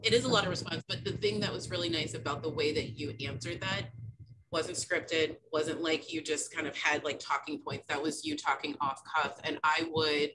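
A host in a casual interview, speaking softly and praising the guest. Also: medium pitch, steady tone, normal speed, noisy background.

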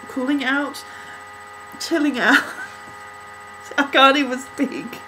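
A woman gushing over a music video in an excitable, flustered reaction vlog, out of breath and struggling to calm down. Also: on the high side, slow pace, noisy background.

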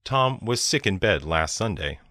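A man reading short example sentences slowly and carefully for a language lesson. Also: on the low side, animated, pushed and bright, dry recording, clean studio sound. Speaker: sentence reader.

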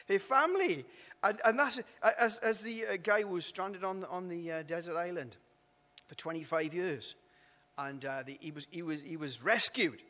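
A Welsh pastor preaches a sermon in a church hall, talking conversationally, repeating and restarting words, and tossing in tag questions like "isn't it?". His voice sits high with a sharp tone, and the large hall is audible.

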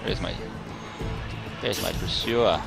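A man giving live commentary while playing an online game, swinging between low muttering and loud outbursts, swearing and taunting opponents. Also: slow pace, gravelly, loud music behind the voice. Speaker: gamer with facecam commentary.

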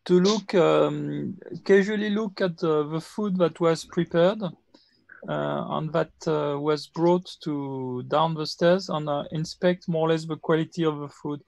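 A man playing a tabletop game, speaking haltingly and searching for words. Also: on the high side, steady tone, gravelly, darkish tone, dry recording. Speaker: player.

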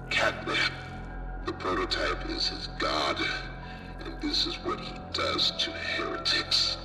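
An actor voicing a grim, weary male toy creature, the last of its kind, speaking in slow, ominous warnings in a horror game. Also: extremely low pitch. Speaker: game character. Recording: echoey distant game audio with music.

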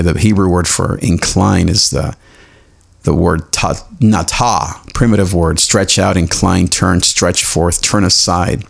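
A man hosting a devotional podcast, animated and self-mocking, who explains Hebrew words slowly and laughs often. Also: low voice, vocal fry. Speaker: podcast host.

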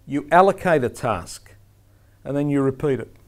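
A man giving an instructional lecture to referees, speaking emphatically and demonstrating the firm and soft tones a referee should use. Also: medium pitch, lively intonation, moderate pace.

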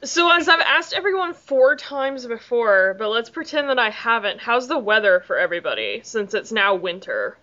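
Bright woman with valley-girl drawl. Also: on the high side, very animated, normal speed, hardly any pauses, muffled recording. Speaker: podcast host. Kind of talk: casual chat.

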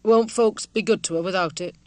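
A woman's voice: medium pitch, fairly quick, no echo, close to an everyday voice. A woman doing a timid, lonely village weaver. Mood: timid, quiet. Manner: quiet, hesitant, soft-spoken.

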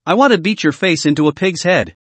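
Man reads arrogant young fighter, taunting, higher voice. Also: lively intonation, quick pace, fairly bright tone, slightly rough, dry recording. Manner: taunting, hostile.

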